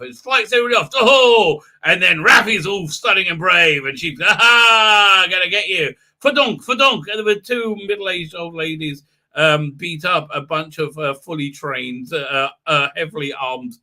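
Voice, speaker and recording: A man rambles through a live stream recap, full of "uh"s and mocking impressions. His voice sits high and rings very bright. He bursts into sound effects and mock voices. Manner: animated, mocking, acts out scenes with silly voices and sound effects; many hesitation fillers.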